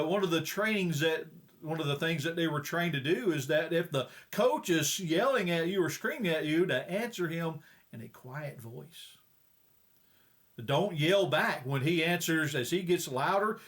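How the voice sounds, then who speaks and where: A man's voice: fairly high pitch, a bit bright. A male preacher giving a folksy, plain-spoken sermon with frequent hesitations.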